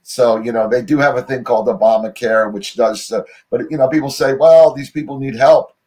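A mid-range, mellow voice belongs to a brisk-talking middle-aged American who is an interview guest on a remote call. He meanders through his story, leans heavily on "you know," and keeps stopping to begin sentences over.

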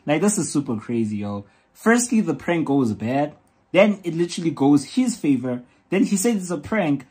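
A man hosting a reaction video, talking in an excited, repetitive way and urging viewers to comment. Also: on the high side, moderate pace, breathy edge. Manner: excited, repeats "yo" and "comment down below".

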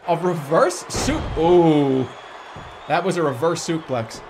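Excitable male streamer in his thirties, higher voice with wild swings, jokey delivery. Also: slow pace, a little hiss or hum. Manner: excitable, joking, swings from mumbling to shouting. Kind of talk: casual gaming stream commentary.

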